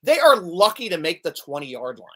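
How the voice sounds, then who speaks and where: A man talking football casually as a podcast guest, animated and telling stories, often stammering and repeating words. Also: high-pitched, moderate pace. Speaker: podcast guest, Steelers fan. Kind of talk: casual sports chat.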